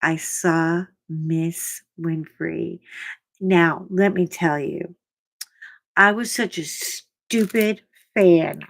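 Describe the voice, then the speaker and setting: A middle-aged woman chatting on her own livestream, telling stories in an animated way and shrieking when she quotes herself. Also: fairly low pitch, very slow, gravelly. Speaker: livestream host. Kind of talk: casual chat to live viewers.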